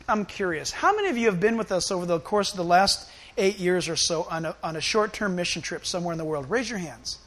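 Middle-aged man preaching, high and bright, lively delivery with acted-out quotes. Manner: animated, acts out quoted voices. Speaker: pastor. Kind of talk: sermon.

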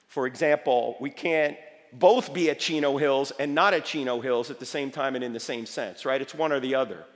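A man giving an emphatic, lively lecture to a live audience, quizzing them with rhetorical questions, his voice slightly failing. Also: a little high. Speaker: speaker addressing a live audience. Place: large hall with audience. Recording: echoey hall reverb.

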